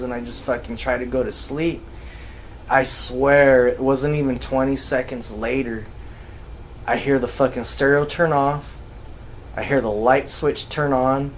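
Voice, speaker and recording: A man casually telling a ghost story on a podcast, swearing constantly and rambling, acting out quoted lines louder. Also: medium pitch, slight background noise, poor audio. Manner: profane, rambling, acts out quotes loudly. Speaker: podcast co-host.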